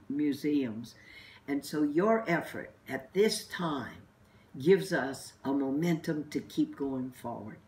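A religious sister and anti-death-penalty activist, speaking in a low, darkish voice, gives an earnest, emphatic recorded message of encouragement to protesters. She is recorded from a distance with slight background noise.

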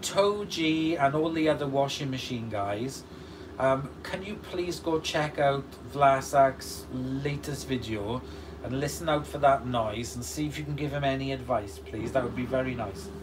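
In a casual livestream, the host reads viewer comments and replies at a measured pace in a medium-pitched voice. A washing machine runs next to him, and a distant mic records it all with steady background noise.

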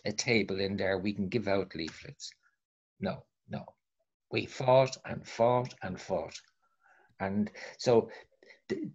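A man speaking on a panel, halting with many restarts and repeated words. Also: mid-range voice. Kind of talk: discussion on an online call. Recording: muffled call audio.

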